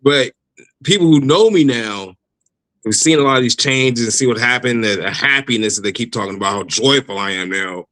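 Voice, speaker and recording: A man telling his personal faith testimony in a casual interview, animated, laughing often and restarting his sentences. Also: medium pitch, brisk, no echo, low-quality recording. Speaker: guest giving testimony.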